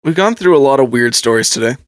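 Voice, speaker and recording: A male podcast host relates a creepy true story in a relaxed, lively manner, using pauses to build suspense. His pitch is medium and there's no room sound.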